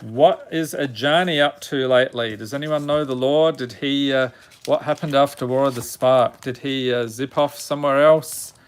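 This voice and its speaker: Steady and clean in tone, this man speaks at medium pitch and normal speed while hosting a live stream. He names cards one after another and jokes casually with the people watching.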